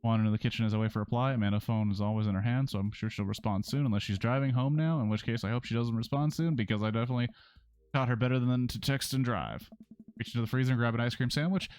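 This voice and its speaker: A man's voice: medium pitch, steady tone, racing, a little mellow, clear, resonant tone, no echo. Sarcastic man streaming a story game. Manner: sarcastic, swears freely, breaks into rants. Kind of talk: casual game playthrough, reading aloud.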